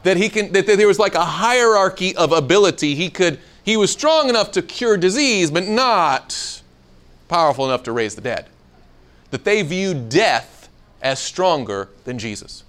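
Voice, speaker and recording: A man's voice: high-pitched, normal speed. A man teaching a Bible seminar to a live audience, asking questions and acting out the quoted lines. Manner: animated, asks the room questions, acts out quoted lines.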